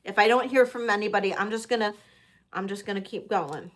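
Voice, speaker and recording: A woman's voice: medium pitch, fairly quick, faint music behind. A woman selling jewelry in a live-stream auction, chatty and hesitant with many fillers. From United States.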